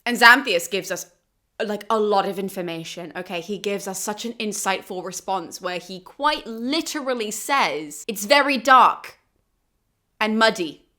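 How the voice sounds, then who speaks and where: A woman hosting a casual summary of an ancient play, chatty and animated and laughing often. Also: mid-range voice, normal speed. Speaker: host of a classics explainer channel.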